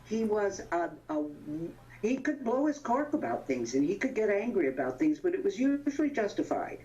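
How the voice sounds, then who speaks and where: A woman in her eighties, a veteran actress, reminiscing in an interview as an animated storyteller who laughs often and stops to search for names. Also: medium pitch, moderate pace. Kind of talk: anecdotal reminiscing. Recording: dull lo-fi sound.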